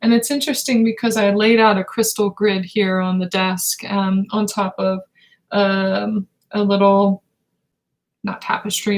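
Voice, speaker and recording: A woman gives a live spiritual reading in a gravelly, fry-laden voice. She talks slowly and meditatively, and her pitch stays level and even. She halts often and reaches for words between pauses. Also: rough recording. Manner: slow, meditative, halting with pauses and fillers. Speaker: intuitive reader.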